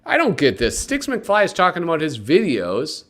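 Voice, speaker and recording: A man's voice: on the high side, wildly swooping pitch, normal speed, a bit bright. A man hosting a casual livestream, rambling and chatting with his viewers with plenty of fillers. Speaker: livestream host. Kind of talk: casual live commentary.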